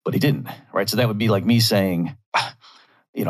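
A man's voice: fairly low pitch, normal speed. A man talking through a commentary monologue, arguing his point with rhetorical asides.

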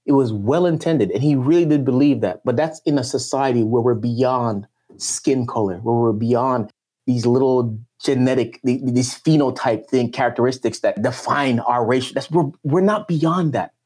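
A man's voice: mid-range voice, normal speed, darkish tone, breathy edge. A man speaking as a podcast guest, telling a personal story in an emotional, emphatic way. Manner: passionate and emphatic, with swinging intonation.

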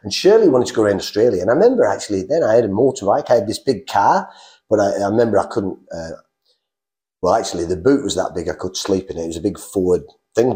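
A middle-aged man from England telling his life story in a casual, animated way, acting out the voices he quotes. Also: fairly low pitch. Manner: animated, acts out quoted voices, frequent restarts. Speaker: guest telling his testimony.

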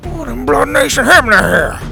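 A man voicing a grumpy, hot-tempered old male teacher who shouts loudly, in a storybook podcast. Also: extremely high pitch, big pitch swings, moderate pace, vocal fry, music in the background, pitched above the performer's own voice, exaggerated voice. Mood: furious. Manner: shouting, loud and harsh.

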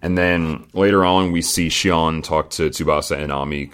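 A man with a very deep voice hosts a casual podcast. He talks in a loose, chatty way, laughing often and dropping the odd swear word. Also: fairly even intonation, normal speed, fairly bright tone, clear, resonant tone. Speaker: podcast host recapping a reality show. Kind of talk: casual chat.

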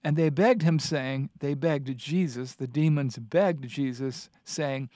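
A man's voice: medium pitch, slow pace, hardly any pauses, warm tone, no room sound, clean studio sound. A man hosting a Bible discussion, reading passages aloud and teaching with earnest emphasis. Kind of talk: scripture teaching in a studio discussion.

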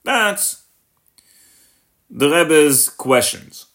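A rabbi teaching a text-based class in English, mixing in Hebrew and Yiddish terms and translating each one, with many restarts and repeated words. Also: male voice, very animated, drawn-out words, fairly bright tone. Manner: rises sharply in pitch when voicing the questions. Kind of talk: Torah lesson on a text.

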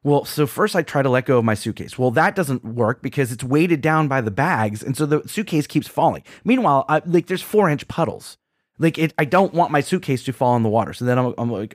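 A man co-hosting a podcast, telling a rambling, animated story with lots of restarts and quoted asides. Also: mid-range voice, fairly quick, dry recording, clean studio sound. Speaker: podcast co-host. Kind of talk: casual chat, storytelling.

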